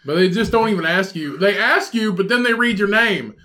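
High-voiced, teasing podcast host. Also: male voice, lively intonation, a little fast, bright, forceful tone. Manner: teasing, offhand, swearing. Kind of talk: casual podcast banter.

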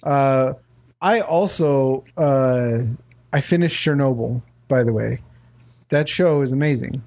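A man's voice: medium pitch, slow pace, darkish tone. A man from Utah chatting casually as podcast co-host, jokey and laughing often. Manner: jokey, laughs often, puts on silly accents. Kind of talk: casual chat.

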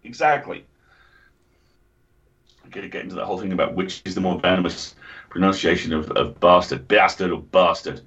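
An English man with a lowish voice chats casually as a podcast co-host. He tells stories with animation and swears freely. The recording sounds dull and lo-fi. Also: fairly even intonation, a little fast, pauses often, fairly bright tone. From England. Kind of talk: casual chat.

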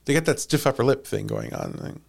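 A man hosting a comedy podcast, telling a story casually and in an animated way, with frequent laughs and jokey asides. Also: medium pitch, fast talker, vocal fry.

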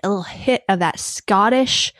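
Canadian woman, podcast co-host, casual and chatty, medium pitch, dry close sound. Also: normal speed, fairly bright tone, dry recording. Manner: chatty, laughs easily, trails off and restarts. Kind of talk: casual chat. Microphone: remote call microphone.

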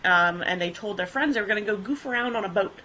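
A woman co-hosting a podcast, telling a case in a chatty, relaxed way with easy laughs and fillers. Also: mid-range voice, fast talker, a little hiss or hum, poor audio. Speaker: podcast co-host. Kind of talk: casual chat, telling a case.

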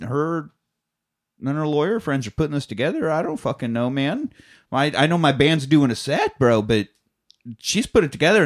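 A man in casual chat, retelling a movie's plot in a rambling way, swearing and acting out the characters' lines. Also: on the high side. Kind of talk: casual chat recapping a film.

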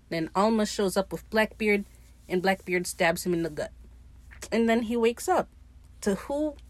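A woman's voice: mid-range voice, moderate pace, no echo. A woman recapping a TV episode in a casual, profane, gushing way, acting out the characters' lines in her own voice. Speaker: podcast host.

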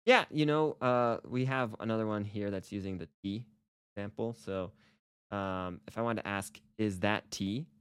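A man co-hosts a casual podcast teaching Japanese, explaining things in a playful, upbeat way and acting out example phrases. His fairly low voice is clear and resonant, at a moderate pace, recorded with studio quality and no room sound.

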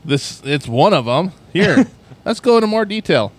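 A man's voice: sits high, big pitch swings, normal speed. A man hosting a casual podcast, reading news stories aloud and breaking in with crude jokes. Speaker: podcast host.

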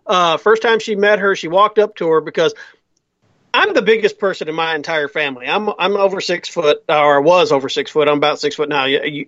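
A man's voice: a little high, fairly bright tone, no echo. A middle-aged man chatting casually on a podcast, telling stories and acting out the people in them. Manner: storytelling, acts out quoted voices. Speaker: podcast guest. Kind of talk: casual chat. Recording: dull, lo-fi sound.

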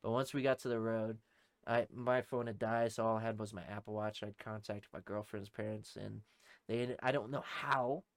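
A man's voice: lowish voice, fairly even intonation, moderate pace, dry recording. A young man, a podcast co-host and former Army private, telling a story in a casual, profane, rambling way and laughing through it.

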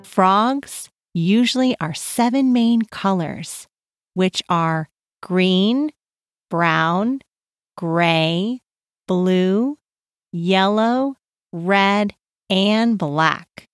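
A woman hosting a children's podcast, leading a slow, soothing breathing and movement exercise with sing-song chanting. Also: medium pitch, lively intonation, soft background music. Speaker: podcast host guiding parent and child. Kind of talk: guided calm-down exercise for kids.

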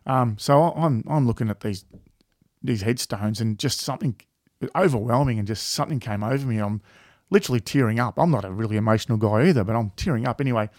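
Rambling Australian bloke, swearing freely. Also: male voice, medium pitch, fast talker, a little mellow, no room sound, studio quality. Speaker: podcast co-host. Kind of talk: casual chat.

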